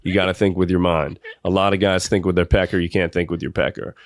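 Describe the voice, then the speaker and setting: This is a blunt middle-aged Southern father delivering an awkward talk to his son, as a young man puts on his dad's voice. He is gruff and repetitive, and the voice sits fairly low. The sound is close and dry. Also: little pitch movement, fast, no room sound, natural voice. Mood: lecturing.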